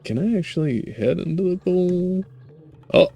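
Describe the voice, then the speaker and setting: A man's voice: high-pitched, animated, unhurried, gravelly, warm tone. A man giving casual, wry gameplay commentary as host, playfully joking about what he sees. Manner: wry, playful, laughs at the game. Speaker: let's play host.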